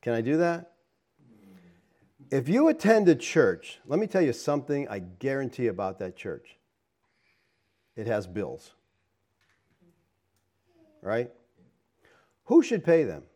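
A middle-aged pastor preaches a sermon in a casual way, often checking in with the congregation by asking "okay?" and "all right?". His warm voice is very animated and unhurried, with frequent pauses, and he acts out quoted people in a higher voice.

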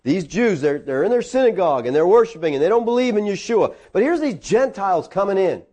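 Animated high-voiced male preacher. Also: brisk. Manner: animated, acts out voices of the story. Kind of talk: sermon.

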